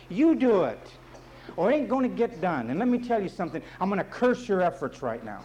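A man's voice: high voice, big pitch swings, a little fast, a little mellow, dull audio, a little hiss or hum. A man preaching as pastor, emphatic and repetitive, with folksy asides and jokes. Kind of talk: sermon.

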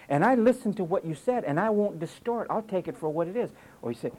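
A man's voice: high-pitched, quick pace, few pauses, poor audio. A man preaching a sermon, emphatic, often mimicking what listeners say. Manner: emphatic, lively rises and drops, quoting listeners in mock voices.

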